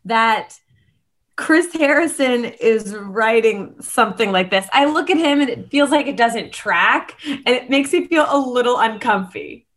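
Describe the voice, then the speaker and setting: A woman's voice: a little high, lively intonation, unhurried, fairly bright tone. A woman co-hosting a podcast, chatting casually with fillers. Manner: conversational with fillers. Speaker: podcast co-host. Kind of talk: casual chat.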